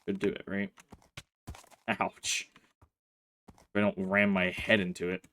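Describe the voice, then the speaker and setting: A man's voice: low-pitched, monotone, slow, a bit bright. A man hosting a casual let's play, commenting on his gameplay and grumbling in exasperation at his in-game horse.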